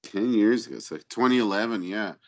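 A man's voice: on the low side, expressive, brisk. A man co-hosting a casual podcast, telling a crude story in a rambling, profane way. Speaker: podcast co-host. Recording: dull lo-fi audio.

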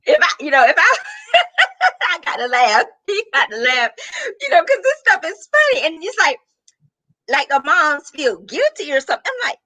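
Woman, middle-aged, business coach, animated, laughs often, bright tone, dry sound. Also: high-pitched, normal speed, no room sound, poor audio. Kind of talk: casual interview talk.

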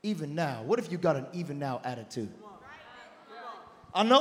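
A man preaching a sermon as pastor, telling a Bible story in chatty modern voices and rising to shouted passages. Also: high voice, expressive, brisk. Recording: long hall reverb.

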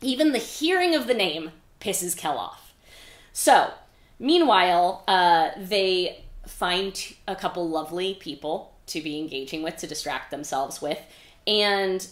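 A woman's voice: on the low side, lively intonation, a little slow, fairly bright tone. A woman hosting a podcast, recapping a book in a chatty, casual way with frequent "like" and some swearing. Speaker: podcast host. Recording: echoey room.

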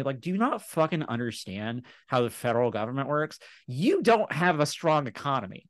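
Rambling Texan-raised podcast co-host, dry sound. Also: male voice, a little high, brisk, hardly any pauses, no echo. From Texas. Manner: rambling, animated, lots of filler words and restarts. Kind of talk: casual chat.

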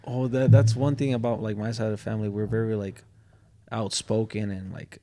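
A man's voice: fairly low pitch, level tone, brisk, mellow. A man chatting casually on a podcast, laid-back and slangy, swearing freely.

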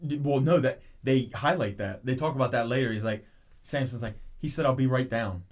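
A man's voice: mid-range voice, a little fast. A man in casual chat, animatedly retelling a show's plot with lots of restarts and tangents. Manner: rambling, animated storytelling with frequent restarts.

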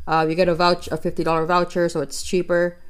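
A woman co-hosting a casual podcast, relaxed and a little hesitant as she talks. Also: fairly low pitch, fast, clean tone. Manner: relaxed, a bit hesitant, laughs often. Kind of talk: casual chat.

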